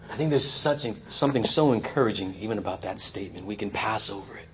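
A male pastor preaching a sermon, swinging between loud emphasis and hushed intensity. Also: lowish voice, fast, dull audio, a little hiss or hum. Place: church.

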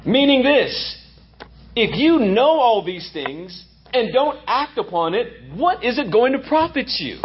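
A male pastor delivers an emphatic sermon, his high voice leaping around with wide swings of pitch. He repeats key lines to press them home. The recording is a bit dull and lo-fi, with faint noise underneath. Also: big pitch swings, unhurried.

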